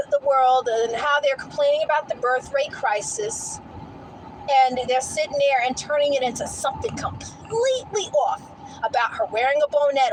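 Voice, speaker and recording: Woman, casual rant, incredulous, high pitch, very lively delivery. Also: a little hiss or hum, poor audio. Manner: animated, laughs often, incredulous. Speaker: vlogger.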